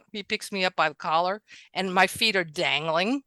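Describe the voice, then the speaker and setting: A woman from New York, a guest in a casual conversation, telling animated stories from her childhood, acting out quotes and laughing often. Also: on the low side, moderate pace, no room sound.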